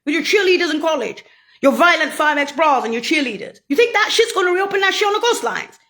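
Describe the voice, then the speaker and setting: Swearing heavily and mocking as she goes, a woman delivers a rambling, profane tirade that jumps back and forth between loud eruptions and quiet muttering.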